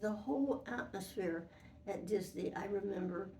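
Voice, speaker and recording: A woman's voice: mid-range voice, normal speed, dark tone, recorded from a distance, a little hiss or hum. An older woman being interviewed, telling anecdotes from long ago in a rambling way with restarts. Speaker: interviewee, former model for an animated fairy. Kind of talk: reminiscing interview. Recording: roomy, from away from the mic.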